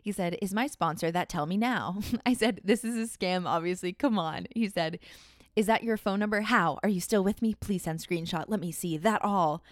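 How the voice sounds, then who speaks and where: A woman's voice: mid-range voice, moderate pace, dry recording, studio quality. A woman podcast host telling a story in casual chat, laughing often and acting out the texts she quotes.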